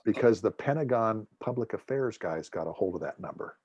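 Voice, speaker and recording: A man's voice: fairly low pitch, fairly quick, husky, dry recording, dull audio. A middle-aged man, a former air force officer giving a guest talk, telling anecdotes with humor and acting out the dialogue of the people in his stories. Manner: lively storyteller, acts out dialogue, jokes.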